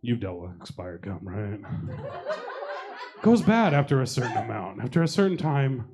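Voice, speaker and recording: A man's voice: lowish voice, very animated, a little fast, gravelly, background noise. A young adult man doing a stand-up comedy set, telling profane, self-deprecating stories and teasing the audience. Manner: profane, self-deprecating storytelling with crowd work. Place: comedy showcase venue with live audience.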